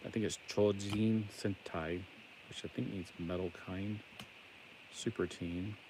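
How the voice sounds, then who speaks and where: Low-voiced rambling Southern man. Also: fairly even intonation, a little slow, noisy background. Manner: rambling, chatty, jokey asides. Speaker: toy collector streamer. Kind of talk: casual live-stream chat while building toys.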